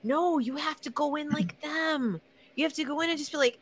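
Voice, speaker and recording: A woman hosting a casual interview, talking in an emphatic, sarcastic and animated way. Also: high voice, a little fast. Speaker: podcast host.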